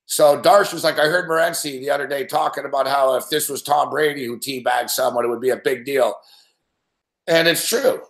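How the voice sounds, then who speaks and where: A man's voice: medium pitch, brisk, creaky, a bit bright, roomy sound. A man hosting a sports betting show live, ranting in a casual, profane, rambling way and laughing often. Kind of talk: casual live-stream rant.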